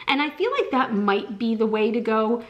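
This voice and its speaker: A woman with a Southern American accent chatting casually in a vlog, gushing and excitable, with lots of fillers. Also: a little high, moderate pace, muffled recording. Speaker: vlogger.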